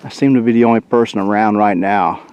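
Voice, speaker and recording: A man's voice: on the low side, fast talker, smooth, lo-fi sound. Chatty man vlogging outdoors. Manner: relaxed, chatty, talks to the camera. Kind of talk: casual solo vlog. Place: outdoors in winter woods by a creek. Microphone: handheld camcorder mic.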